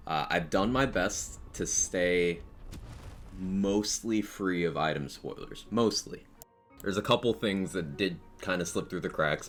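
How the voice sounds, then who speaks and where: A man with a deep yet bright, forceful voice hosts a casual game live stream. He is a little out of breath, chuckles often and rattles off greetings to his chat. Faint music plays behind him.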